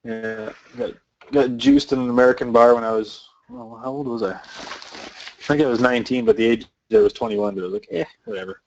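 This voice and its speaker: A man's voice: medium pitch, animated, moderate pace, creaky, darkish tone, lo-fi sound. A young Canadian man hosting a casual livestream chat, laid-back and chatty, often trailing off. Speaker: host.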